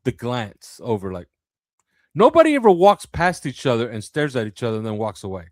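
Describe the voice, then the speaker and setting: A man co-hosting a casual sports podcast. He talks in an animated way, laughs a lot and acts out lines, his pitch rising and falling widely. The sound is dry and close. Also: fairly quick, no room sound. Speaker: podcast co-host.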